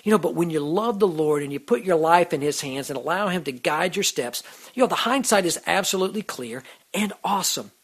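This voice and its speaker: A man's voice: on the high side, animated, brisk, breathy edge. A man hosting a Christian radio show, talking about faith in an earnest, casual way, with lots of "you know" and restarts. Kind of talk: casual devotional talk.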